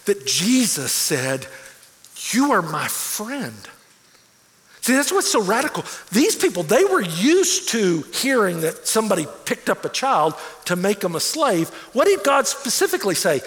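Earnest pastor in an echoing hall. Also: male voice, sits high, wildly swooping pitch, moderate pace, hardly any pauses. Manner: earnest storytelling, swings from hushed to emphatic. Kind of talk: sermon. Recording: long reverb of a large hall.

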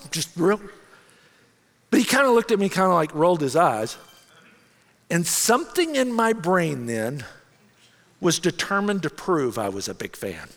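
A middle-aged man, a senior pastor, telling a self-mocking story in an animated way during a sermon. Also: high voice, gravelly, long reverb tail.

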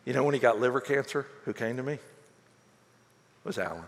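A middle-aged man preaching a sermon as pastor, telling stories with lively quoted voices. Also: medium pitch, fairly quick, long reverb tail. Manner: animated storytelling with quoted voices.

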